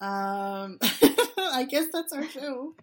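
A woman co-hosting a podcast in casual chat, giggly and quick to laugh. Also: high-pitched, animated. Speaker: podcast co-host.

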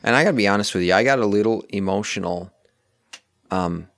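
A man's voice: fairly low pitch, fairly quick, fairly bright tone, no room sound, clean studio sound. A man talking casually about a movie, rambling and correcting himself as he picks apart its plot. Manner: rambling, self-correcting, analytical. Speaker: film review co-host. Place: outdoors near a street.

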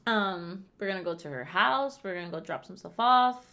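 A woman's voice: medium pitch, normal speed. A young woman co-hosting a podcast, chatting casually and playfully acting out what people said. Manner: animated, acts out quotes in playful voices. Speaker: podcast co-host. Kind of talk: casual chat between best friends.

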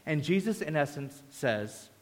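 A man's voice: fairly high pitch, lively intonation, a little slow. A man preaching a sermon as pastor, conversational and acting out voices as he goes. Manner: conversational, acts out voices in quotes. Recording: echoey hall reverb.

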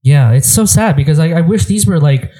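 A man's voice: a little high, lively intonation, brisk, warm tone, low-quality recording. A man in casual chat, laid-back and agreeable, often repeating himself.

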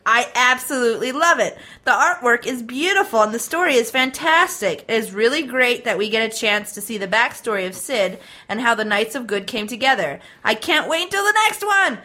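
A woman co-hosting a podcast who reads out listener emails and banters along the way. Her voice is fairly high and very bright, and her delivery is bubbly and quick to laugh. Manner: bubbly, excitable, laughs a lot. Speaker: podcast co-host. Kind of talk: casual chat, reading listener emails.

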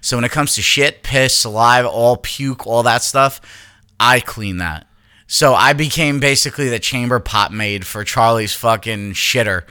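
A man in his thirties co-hosting a podcast, telling profane, animated stories with laughs in casual chat. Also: medium pitch, normal speed, clean tone. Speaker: podcast co-host.

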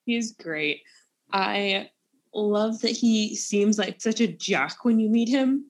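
A woman's voice: mid-range voice, slow pace. A woman co-hosting a casual book podcast, talking in a playful way and laughing often. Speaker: podcast co-host.

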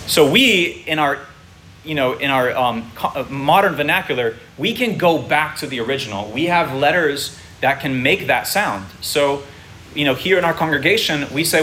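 A man's voice: mid-range voice, sharp tone, slight background noise. A man preaching to his congregation, explaining patiently and checking in with his listeners. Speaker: pastor teaching a congregation. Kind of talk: sermon. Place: congregation room.

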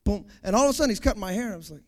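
A man preaching a sermon, acting out everyday scenes with lively sound effects and asides. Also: racing. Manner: animated, acts out scenes, sound effects like boom.

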